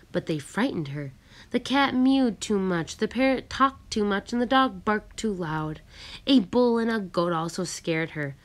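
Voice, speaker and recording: A woman voicing a patient, tender mother of young children, speaking gently and soothingly. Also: fairly low pitch.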